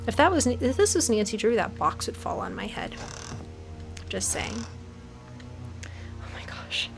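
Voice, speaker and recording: A woman's voice: mid-range voice, big pitch swings, unhurried, vocal fry, over music, poor audio. A young woman casually commenting as she plays a creepy game, chatty and jokey, dropping into nervous whispers. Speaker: gaming video host.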